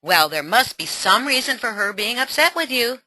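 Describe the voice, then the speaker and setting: A woman acting out a mother talking with her teenage daughter in a soft, soothing voice. Her tone is bright, and the sound is dry and close. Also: a little high, very animated, normal speed, no room sound, voice pushed up, low-quality recording. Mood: questioning. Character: mother of a teenage girl, gentle.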